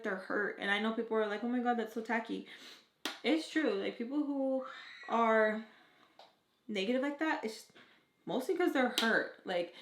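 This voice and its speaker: A woman's voice: on the high side, slight background noise. A young woman chatting to camera while doing her makeup, blunt and swearing often, peppering her talk with "like" and acting out quoted people. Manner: blunt and profane, heavy "like" filler, animated quoted voices. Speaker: beauty vlogger. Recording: echoey room.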